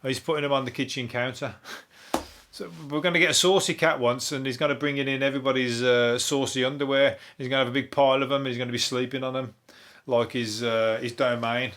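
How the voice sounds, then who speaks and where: A Brummie comedian hosts a solo podcast, riffing on news stories in a dry, deadpan way. He rambles, swears freely and loses his thread. His voice sounds a little hoarse and worn. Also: mid-range voice, brisk. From Birmingham, England. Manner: deadpan, rambling, sweary, laughs at own jokes. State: voice going hoarse.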